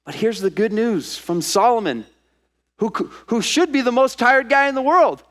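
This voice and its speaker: A man preaching a sermon as pastor to a congregation in church, lively and acting out the voices he quotes. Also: very high-pitched, normal speed. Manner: animated, acts out quoted voices.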